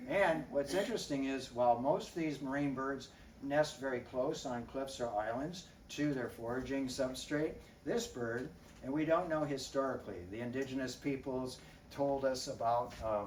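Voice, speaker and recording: A man, a wildlife biologist, giving a lively illustrated talk to an audience, chatting, quizzing his listeners and often clearing his throat. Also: medium pitch, moderate pace. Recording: roomy, distant mic, faint background noise.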